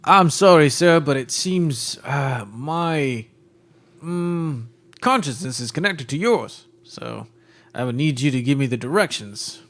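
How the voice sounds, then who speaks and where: A man's voice: fairly high pitch, lively intonation, slow, fairly bright tone, voice pushed up, heavily acted. A man plays a courteous, apologetic magical servant; formal and a touch lifted. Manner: formal and deferential.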